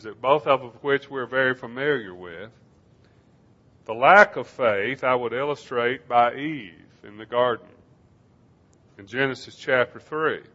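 A man delivers a sermon in measured, emphatic phrases, slowing down to drive each point home. His voice sits at an ordinary middle pitch. The recording is dull and somewhat lo-fi. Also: a bit bright. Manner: measured, emphatic preaching with slow stressed phrases. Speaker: preacher.

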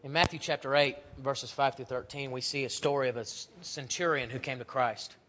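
A man's voice: mid-range voice, steady tone, a little fast. Man preaching a sermon, lo-fi recording. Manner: storytelling, acts out voices in quotes, swings from loud to hushed. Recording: dull lo-fi recording.

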